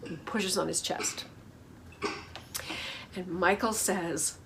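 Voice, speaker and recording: A woman's voice: on the low side, steady tone, slow pace, pauses often, slight background noise. A woman hosting a casual reality TV recap, snarky and gossipy, laughing at the drama.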